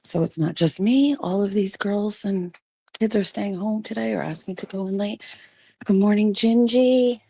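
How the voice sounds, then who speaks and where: Husky, chatty woman vlogging at home. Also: moderate pace, a little mellow, no room sound. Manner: chatty, coos at her dogs in a high baby voice. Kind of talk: casual vlog chat.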